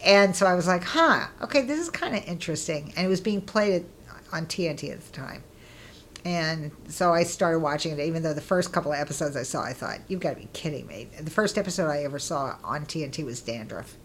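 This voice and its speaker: A middle-aged woman being interviewed, telling stories in a casual, lively way and acting out what people said with bursts of laughter. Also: deep voice, a little fast, slight background noise. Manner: lively, acts out quoted voices with laughter. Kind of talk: casual storytelling.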